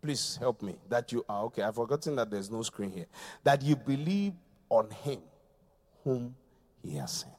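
A man from Ghana preaching a sermon, repeating phrases and swinging between shouts and quiet, low lines. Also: sing-song, moderate pace. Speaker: pastor.

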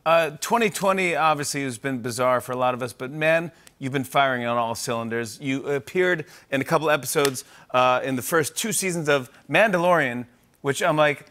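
A man hosting a casual interview, enthusiastic and halting, with many fillers. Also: mid-range voice, fairly bright tone. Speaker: podcast host.

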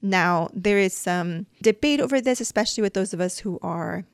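A woman's voice: medium pitch, moderate pace, clean tone, dry recording, clean studio sound. A woman from a Mexican family raised in the United States, explaining dental Spanish patiently with examples, using many "um"s and "like"s. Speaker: dental hygienist teaching dental Spanish. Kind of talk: casual podcast lesson.

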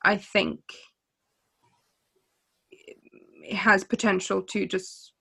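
A woman co-hosting a podcast, chatting in a relaxed, rambling way and laughing often. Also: medium pitch, very slow, creaky, slightly rough. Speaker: podcast co-host. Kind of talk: casual book discussion.

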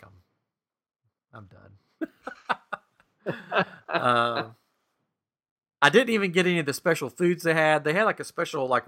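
A man co-hosting a podcast, casually retelling a frustrating experience with lots of quoted back-and-forth. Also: medium pitch. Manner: animated, exasperated retelling with quoted dialogue. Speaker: podcast co-host. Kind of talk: casual storytelling chat.

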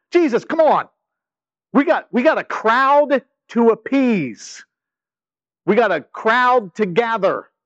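A man's voice: very high voice, no echo, lo-fi sound, pitched above the performer's own voice, exaggerated voice. A man voicing annoyed male disciples who pester their leader with incredulous questions. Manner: incredulous, nagging rapid questions.

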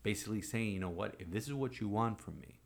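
A priest in his forties telling a personal story in conversation, animated and acting out quoted voices. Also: on the low side, quick pace, vocal fry. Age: 40s.

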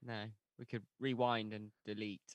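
A man hosting a horror podcast, chatting casually in an excitable, jokey way into a podcast mic. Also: fairly low pitch, normal speed, no echo, lo-fi sound. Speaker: podcast host. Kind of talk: casual chat.

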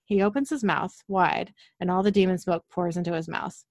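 A woman's voice: lowish voice, steady tone, moderate pace, no room sound. Woman recapping an episode, dry sound. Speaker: podcast co-host.

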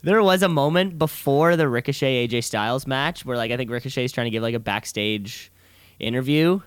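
A man's voice: mid-range voice, fairly quick, smooth, no room sound. A man co-hosting a casual podcast, chatting with dry, teasing asides. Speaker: podcast co-host. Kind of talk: casual chat.

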